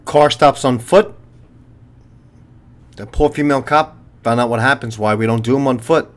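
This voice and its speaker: A retired police officer in his fifties hosts a channel, addressing viewers in a blunt, profane, lecturing monologue. His voice is medium in pitch and his pace is moderate.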